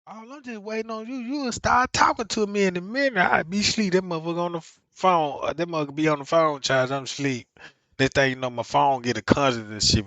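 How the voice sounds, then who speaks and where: A male vlogger telling stories in a casual monologue, swinging between low muttering and loud exclamations, with frequent profanity and filler phrases. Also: fast, dry recording. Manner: peppers talk with profanity and "you know what I'm saying". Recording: slightly muffled, dry sound.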